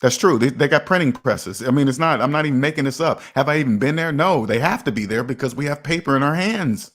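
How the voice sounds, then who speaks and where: A middle-aged man talks straight to his viewers about money in a loose, casual monologue. He hammers on his points and repeats them, now and then slipping into little made-up street dialogues. His voice sits at an ordinary pitch for a man. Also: expressive, fast talker. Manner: repetitive, emphatic, acts out imagined street conversations. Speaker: personal finance video host.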